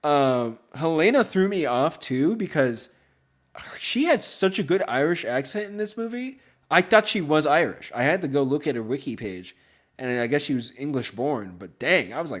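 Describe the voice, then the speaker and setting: A man hosting a podcast in casual chat, rambling and excitable, with many fillers. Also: medium pitch, normal speed. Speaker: podcast host.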